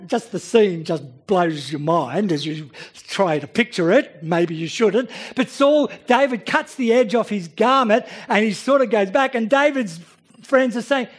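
Male preacher, high-pitched voice, earnest, stumbles over the start of phrases. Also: breathy edge. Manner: earnest, repeats words when starting phrases. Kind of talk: sermon.

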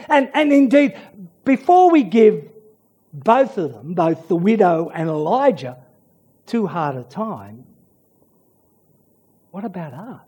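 High, animated male preacher. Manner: expressive, dramatic pauses, repeats words when restarting. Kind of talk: sermon.

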